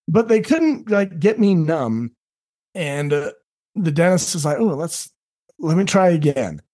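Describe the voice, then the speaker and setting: A middle-aged man who works as a life coach, talking earnestly on a podcast and often acting out other people in quick asides. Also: a little high, expressive, warm tone. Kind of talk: candid podcast conversation.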